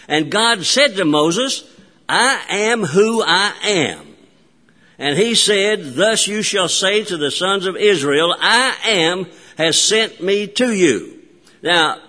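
A man delivers a sermon in a church, emphatic and unhurried, with long pauses and occasional restarts. His voice sits high and bright. The sound rings with the long reverb of a large sanctuary. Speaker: pastor.

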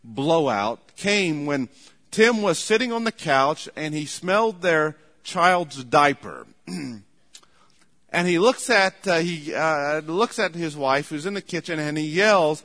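Male pastor, slightly high bright voice, chatty sermon delivery, long hall reverb. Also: slow pace. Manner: conversational, animated storytelling with acted quotes. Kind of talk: sermon on marriage.

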